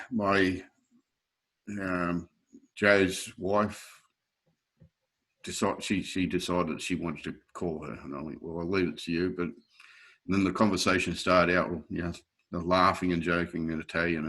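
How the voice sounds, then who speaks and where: A man's voice: sits low, unhurried. A man, a guest telling stories in an interview, acting out other people's voices and laughing often. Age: 60s. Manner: lively anecdotes, acting out quoted voices, frequent chuckles. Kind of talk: storytelling in a casual interview.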